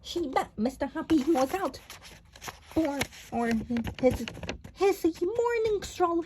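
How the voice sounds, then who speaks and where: High-pitched woman narrator, halting storybook read with many restarts. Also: big pitch swings, a little mellow, a little hiss or hum.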